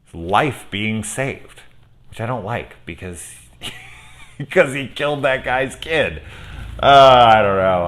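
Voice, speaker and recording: A man with a very low voice talks through a film review in a loose, rambling way. He swears freely, gets heated, and laughs between points. It sounds like an off-the-cuff spoiler chat. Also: a bit bright. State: angry.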